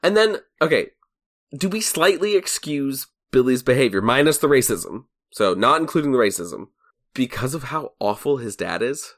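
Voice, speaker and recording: A man's voice: medium pitch, expressive, moderate pace, a bit bright. A man co-hosting a podcast, chatting casually and analysing a series, now and then acting out characters' lines. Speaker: podcast co-host. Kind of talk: casual chat.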